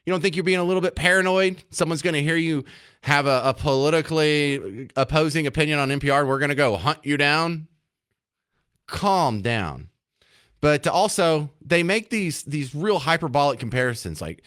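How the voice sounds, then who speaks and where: A man's voice: a little high, normal speed, smooth, no echo, clean studio sound. A man hosting a talk radio show, delivering an opinionated, sarcastic monologue. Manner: sarcastic, mocking, animated.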